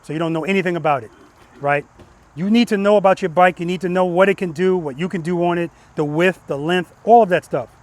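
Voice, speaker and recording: High-voiced man coaching a riding lesson. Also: fast. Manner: emphatic, repeats cue words in rhythm; peppers instructions with "right?". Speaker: motorcycle riding instructor. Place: outdoor practice lot with cones.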